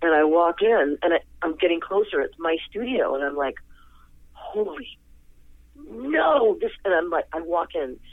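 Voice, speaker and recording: Animated storyteller on a tinny phone line. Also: male voice, a little fast, hardly any pauses, dry recording. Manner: animated, rambling, jumps to high pitch in quoted reactions. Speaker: interview guest, singer. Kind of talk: casual storytelling.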